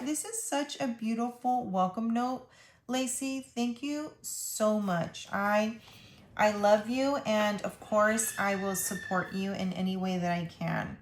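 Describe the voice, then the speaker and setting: A woman's voice: mid-range voice, takes it slowly. A woman hosting a casual budgeting vlog, chatty and gushing as she opens mail and reads notes aloud. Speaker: budgeting channel host. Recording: echoey room, faint noise.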